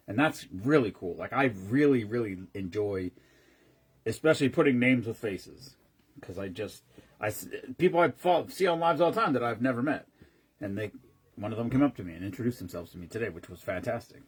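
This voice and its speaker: A man's voice: lowish voice, lively intonation, a little fast, slightly rough. A man casually chatting on a live stream, rambling between stories and greeting viewers by name as he mixes drinks.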